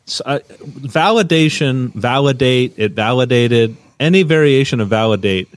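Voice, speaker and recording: A man's voice: mid-range voice, lively intonation, moderate pace, no echo. A man in his fifties co-hosting a podcast in casual chat, rambling and hunting for words with plenty of fillers. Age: 50s. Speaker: podcast co-host.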